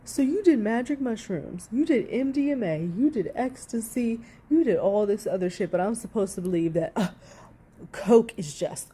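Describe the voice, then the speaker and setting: Woman commentator, mellow tone, mid-pitched; ranting, profane, sarcastic reaction vlog delivery. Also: lively intonation, normal speed, breathy edge.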